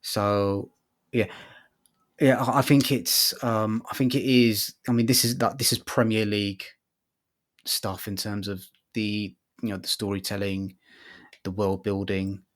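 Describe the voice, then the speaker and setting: A man's voice: lowish voice, fairly even intonation, unhurried. A man co-hosting a casual podcast, talking thoughtfully and hesitantly with many ums. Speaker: podcast co-host. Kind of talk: casual chat.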